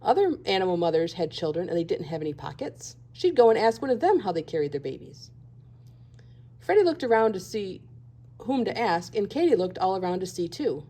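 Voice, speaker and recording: A woman teacher reading a children's picture book aloud with gentle expression. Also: medium pitch, big pitch swings, brisk. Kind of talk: children's storybook read-aloud.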